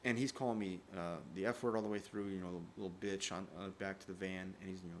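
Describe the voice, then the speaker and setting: A man telling a personal story on his podcast in a profane, animated, laughing way. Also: low voice, fast talker, few pauses, a little hiss or hum. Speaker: podcast host.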